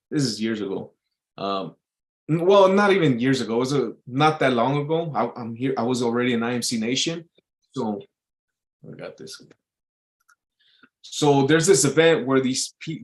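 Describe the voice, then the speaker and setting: A man talks straight to camera in a loose, unscripted rant. His voice sits in a middle register. He is blunt and profane and keeps checking in with his listener. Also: medium pitch. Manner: profane, blunt, repeats "you know what I mean". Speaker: show host. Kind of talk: casual advice rant to camera.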